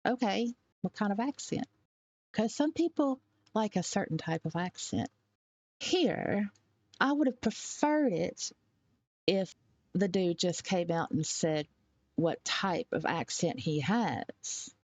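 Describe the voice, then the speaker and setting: A woman giving blunt, opinionated commentary and stressing her points hard, with sharp rises on key words. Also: medium pitch, animated, slow, no room sound. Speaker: commentary vlogger.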